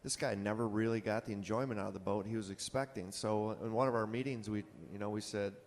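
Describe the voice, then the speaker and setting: Guy on a panel rambling thru a store story, kinda low voice, big echoey hall. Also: fairly even intonation, fast, a little hiss or hum. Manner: casual, rambling anecdotes with acted quotes. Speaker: boat dealer panelist. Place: conference hall. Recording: long hall reverb.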